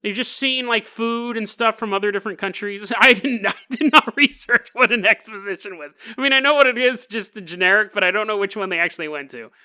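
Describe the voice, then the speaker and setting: A man's voice: sits high, a little fast, few pauses, bright, forceful tone, clear, resonant tone. A male podcast host telling a story in a joking, rambling way, laughing often. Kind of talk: comedic storytelling.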